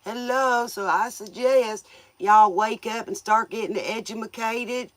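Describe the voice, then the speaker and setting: A woman's voice: fairly high pitch, takes it slowly, a bit bright, no room sound. A woman hosting a tarot livestream, chatting casually with viewers in a folksy, joking way, often laughing and playfully scolding them.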